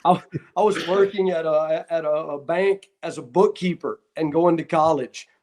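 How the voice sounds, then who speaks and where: A man with a drawl tells animated stories in a somewhat higher-than-usual voice. He speaks casually as an interview guest and plays out the lines of people in his stories. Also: moderate pace. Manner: animated anecdotes, acting out what others said. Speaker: guest, former wrestler and referee. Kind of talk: casual storytelling.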